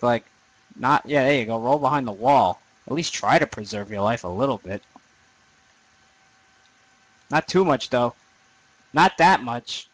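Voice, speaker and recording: A young man commenting on his own gameplay in a loose, rambling way, swearing freely and making fun of his own nerdiness. His voice sits at an everyday middle pitch, neither high nor low. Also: expressive, measured pace, pauses often, a bit bright, no room sound, low-quality recording. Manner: profane, rambling, self-deprecating. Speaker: gaming commentator. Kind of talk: let's play commentary.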